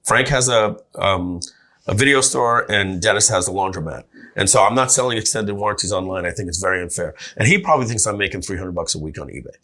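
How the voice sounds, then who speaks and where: A man's voice: low voice, fast talker. A middle-aged man telling a long story in an interview, acting out other people's lines. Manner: animated storyteller acting out quotes. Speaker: guest entrepreneur.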